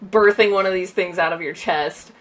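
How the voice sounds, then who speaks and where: Woman, movie podcast co-host, low voice, eager, expressive, laughs often. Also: normal speed. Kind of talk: casual movie discussion.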